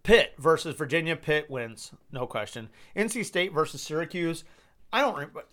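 A man's voice: fairly high pitch, expressive, moderate pace, bright, forceful tone. A young man hosting a podcast, making casual football picks in a rambling, exasperated way with casual swearing. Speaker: podcast host. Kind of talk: casual sports picks monologue.

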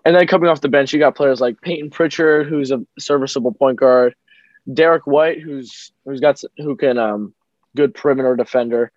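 A man co-hosting a casual sports podcast from a small home room, upbeat and joking with quick asides. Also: mid-range voice, no echo, highs cut off. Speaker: podcast co-host.

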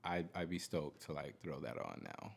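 A man's voice: very deep voice, sing-song, normal speed, creaky. A man co-hosting a radio chat show, laid-back and chiming in with short reactions. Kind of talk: casual chat.

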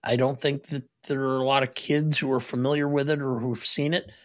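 An older man co-hosting a film podcast, thinking aloud with many pauses and fillers as he gives a rating. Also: medium pitch, flat delivery. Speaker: podcast co-host. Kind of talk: casual film podcast chat.

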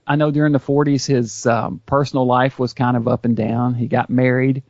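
A man's voice: medium pitch, level tone, normal speed, a little mellow, no room sound, dull audio. A man talking casually and knowledgeably about an actor's career in a podcast conversation, eager and full of restarts. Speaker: YouTube series host, guest.

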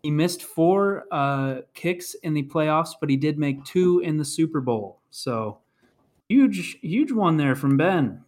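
A man's voice: fairly high pitch, lively intonation, takes it slowly, a little mellow. Man hosting a podcast trivia game. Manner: reads clues, announces scores.

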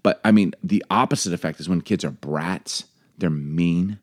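A man's voice: low voice, moderate pace, no room sound, clean studio sound. A man in his forties, a father and co-host, telling family stories in casual chat and acting out the voices. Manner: animated storyteller, acts out quotes.

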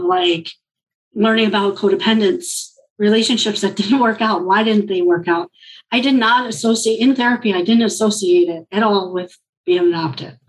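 An interview guest, a woman from Colombia, recounts a personal experience in an earnest, reflective way. Her voice sits in an ordinary middle range, and she brings in other people's words with lively reported speech. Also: medium pitch, poor audio. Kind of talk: personal storytelling in conversation.

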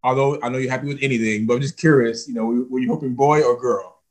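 A man's voice: medium pitch, fairly even intonation, fast talker. A man hosting a podcast, asking casual, curious questions and often restarting mid-sentence. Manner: curious, loose phrasing, restarts his questions. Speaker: podcast host.

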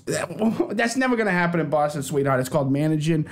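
A man's voice: high voice, lively intonation, quick pace, few pauses. Brash man calling everyone sweetheart. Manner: brash, combative, calls people sweetheart. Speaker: debater for Boston. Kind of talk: improvised comedy debate.

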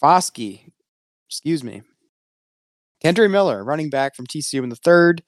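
A man's voice: a little high, lively intonation, no echo, studio quality. A young man hosting a casual sports podcast, keeping the talk on schedule and reading out draft picks. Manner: brisk, steers the talk, reads out picks. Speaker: podcast host running the segment.

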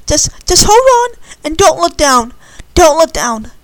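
A woman voicing an excitable young orphan girl who speaks in high, loud, excited calls. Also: unhurried, no room sound. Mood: urgent.

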